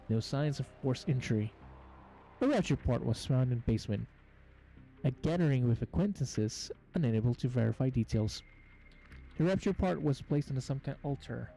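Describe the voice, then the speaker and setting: A man's voice: mid-range voice, creaky, dark tone, low-quality recording. A man hosting gameplay commentary, reading on-screen game text aloud and stumbling over words as he goes. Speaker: gaming channel host.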